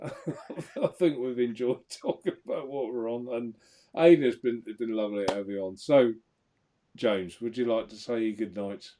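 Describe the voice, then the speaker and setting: A man hosting a casual livestream chat, jokey and quick to laugh. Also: mid-range voice, warm tone. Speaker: livestream host. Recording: noisy home stream audio.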